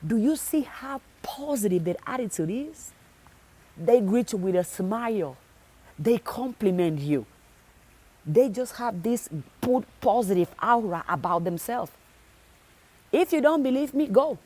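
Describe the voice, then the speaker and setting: A woman's voice: fairly high pitch, lively intonation, measured pace, warm tone. Insistent woman giving a motivational talk. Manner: insistent, repeats phrases for emphasis; speaks to the viewer directly. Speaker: motivational speaker.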